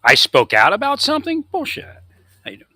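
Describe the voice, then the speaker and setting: A man's voice: very high voice, huge pitch swings, fairly quick, sharp tone, no room sound, studio quality. A man delivering a confrontational monologue, angrily ranting at unseen opponents. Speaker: vlogger.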